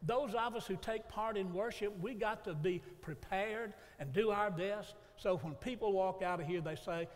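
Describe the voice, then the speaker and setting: A preacher speaks in a bright, high voice, spinning homespun stories from the pulpit. His sermon rings through a church sanctuary with a long reverb trailing each phrase. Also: normal speed, few pauses. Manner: folksy storytelling preacher. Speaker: pastor.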